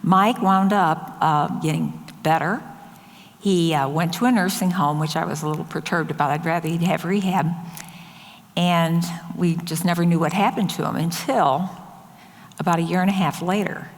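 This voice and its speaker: An older woman with a somewhat low voice tells stories from her years as a nurse, slipping into the voices of the people she quotes. Her talk rings with the long reverb of a large hall. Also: normal speed. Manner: anecdotal, quotes others in lively voices. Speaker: nurse and speaker. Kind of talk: storytelling talk.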